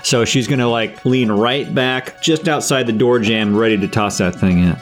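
A man's voice: mid-range voice, moderate pace. A man at a tabletop game table, eager and foul-mouthed, with a mid-range voice and faint music underneath. He describes his character's actions with keen energy. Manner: enthusiastic, swears a lot. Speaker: player. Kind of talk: casual role-play chat.

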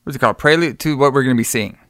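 A podcast co-host with a mid-range, fairly bright voice races through a rambling, casual retelling of a movie, swearing plenty and acting out quotes with laughs. It's a movie review chat recorded in studio quality with no room sound.

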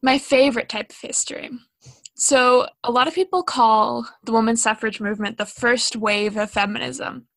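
A woman's voice: a little high, vocal fry, fairly bright tone, no echo. Chatty young woman, dry close mic. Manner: chatty, self-deprecating, with frequent ums and likes. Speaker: podcast co-host. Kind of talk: casual educational chat.

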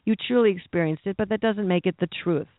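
In a dry, narrow, phone-like recording without room sound, a high-voiced man preaches quickly. His sermon rambles conversationally, with asides and questions posed to the listeners.

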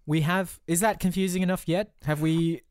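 A man's voice: fairly high pitch, fairly even intonation, normal speed, darkish tone, clear, resonant tone, dry recording, clean studio sound. A man co-hosting a comedy podcast, chuckling often and building on his partner's ideas. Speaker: podcast co-host. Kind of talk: casual comedic brainstorming chat.

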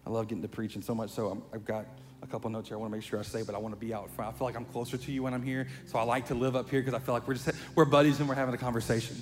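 A pastor preaching a sermon in a chatty, conversational way, building to animated emphasis. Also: male voice, medium pitch, very fast. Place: church sanctuary. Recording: long hall reverb, faint music.

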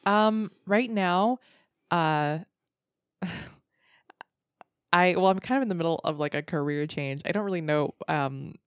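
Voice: mid-range voice, measured pace, long pauses, clean tone, no room sound, clean studio sound. A young adult guest, chatting casually on a podcast and hesitating with many fillers. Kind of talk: casual chat.

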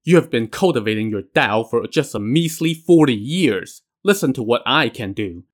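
A man's voice: medium pitch, animated, normal speed, lightly acted. A man reading as a boastful scheming immortal. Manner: persuasive, bragging.

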